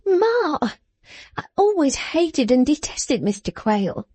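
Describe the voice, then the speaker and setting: A woman's voice: high voice, lively intonation, measured pace, mellow, dry recording, pitched above the performer's own voice. A woman doing a sobbing, pleading young girl. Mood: tearful pleading. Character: tearful young woman pleading with her mother.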